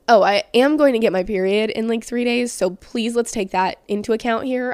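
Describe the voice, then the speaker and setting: A woman's voice: a little high, moderate pace, a little mellow, clear, resonant tone, dry recording. A young woman hosting a casual solo podcast, talking candidly with lots of "like" fillers. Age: young adult. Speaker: podcast host.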